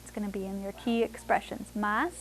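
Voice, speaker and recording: A woman teaching conversational Spanish to adults, switching between English and Spanish and repeating phrases slowly for the learners. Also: medium pitch, fairly even intonation. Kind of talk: classroom language lesson.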